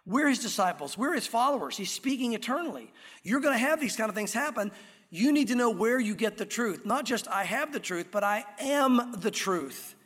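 High-voiced man preaching in a reverberant hall. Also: lively intonation, a bit bright, husky. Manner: earnest, emphatic teaching, slows down on key words. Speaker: pastor. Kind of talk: sermon. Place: church sanctuary. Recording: long reverb of a church hall.

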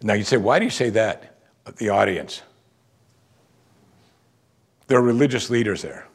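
A man preaching a sermon, teaching through a Bible passage with lively asides and questions to the audience. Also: lowish voice, unhurried, breathy edge.

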